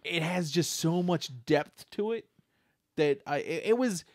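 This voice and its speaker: Chatty man, raised pitch. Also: a little slow, dry recording. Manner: enthusiastic, rambling, laughs often. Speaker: podcast co-host. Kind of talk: casual chat.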